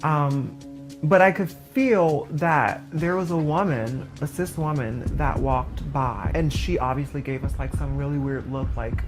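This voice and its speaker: A woman's voice: sits low, measured pace. A woman telling personal stories in a chatty way during a documentary-style interview. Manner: chatty storytelling, many "like" fillers. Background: background music.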